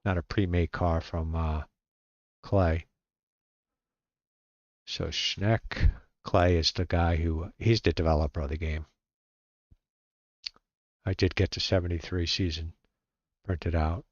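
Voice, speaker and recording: Low-voiced man calling a dice baseball game. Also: dry recording, muffled recording. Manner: relaxed and halting, reading numbers aloud, muttering to himself. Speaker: solo tabletop baseball game player. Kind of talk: casual play-by-play while rolling dice.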